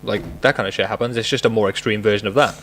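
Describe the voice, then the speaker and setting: A man's voice: on the low side, fairly even intonation, racing, fairly bright tone, a little hiss or hum. Welsh man arguing casually. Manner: swears freely, argues with lots of "like" fillers. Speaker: podcast co-host. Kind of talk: casual debate chat.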